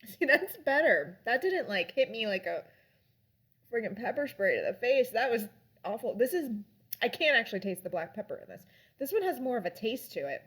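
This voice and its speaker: A woman's voice: fairly high pitch, big pitch swings, a little fast, a bit bright, husky. Chatty young woman with rambling fillers. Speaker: vlogger reviewing drinks and books. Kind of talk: casual chat.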